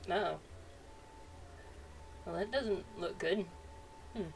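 A woman's voice: on the low side, extremely slow, creaky. Playful woman chatting through a game. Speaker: gaming channel host. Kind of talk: let's-play commentary. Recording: distant mic, faint noise.

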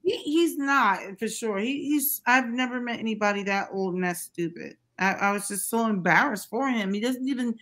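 A woman hosting a casual opinion chat, telling stories in an animated, exasperated way. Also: fairly high pitch, moderate pace, hardly any pauses. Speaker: host.

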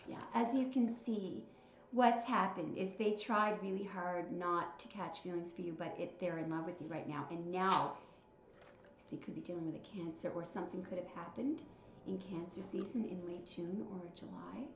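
A tarot reader with a low, creaky voice speaks at normal speed with fairly even intonation, counting out cards and musing aloud as she reads their messages with feeling. The roomy, slightly dull recording has a noisy background and soft music playing.

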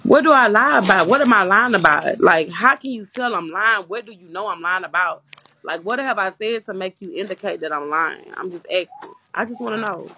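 A woman's voice: mid-range voice, lively intonation, brisk, sharp tone, muffled recording, slight background noise. A woman vlogger in casual chat, talking bluntly with emphatic outbursts.

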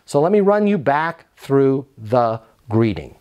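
A man training leasing agents on phone skills, energetic and salesy, acting out phone greetings as he teaches. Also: medium pitch, unhurried, hardly any pauses. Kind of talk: instructional talk with acted phone calls.

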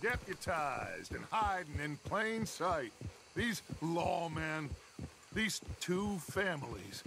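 A charismatic outlaw gang leader for a western video game, speaking in grand, persuasive phrases. His delivery is slow and swings widely up and down in pitch. Loud outdoor ambience fills the game audio behind him. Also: very animated, creaky, background noise, exaggerated voice. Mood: scheming.

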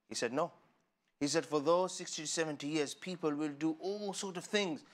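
A man teaching children about the Qur'an, playful and animated, asking questions and laughing often. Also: a little high, a little fast. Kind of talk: lively lesson for children. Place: studio.

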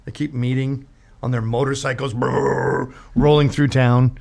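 A man's voice: medium pitch, normal speed. A man in his fifties, a show host, telling a comedic story with lots of swearing and acted-out quotes. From Britain. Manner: profane, animated, acts out quotes.

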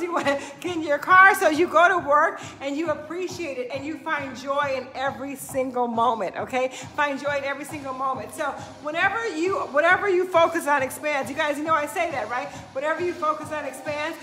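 This is a woman with a very high voice coaching fitness live, giving viewers a preachy, high-energy motivational speech. She repeats "right?" constantly, and music runs underneath.

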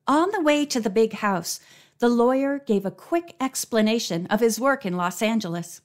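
A woman reading a mystery novel aloud as an audiobook narrator, with steady, clear storytelling. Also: on the high side, normal speed. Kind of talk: scripted narration.

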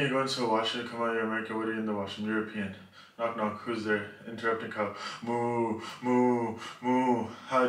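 A young man vlogging on a city street, telling dad jokes to strangers in a nervous, eager, rapid-fire way. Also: fairly low pitch, a bit bright. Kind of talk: street comedy vlog. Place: outdoors on a busy city street. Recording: noisy street with crowd and music. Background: crowd chatter and music.

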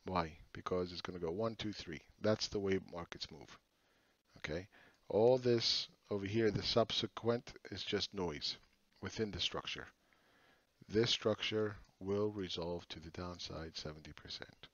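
A man's voice: low voice, measured pace, a bit bright, no room sound. A middle-aged man giving blunt, profane, mocking chart commentary in a casual way. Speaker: market commentator. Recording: dull lo-fi sound.

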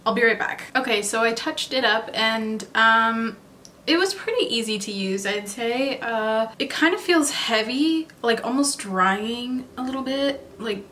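A woman's voice: on the high side, unhurried, pushed and bright, slight background noise. Chatty woman thinking aloud over makeup. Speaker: beauty vlogger. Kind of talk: casual makeup tutorial chat.

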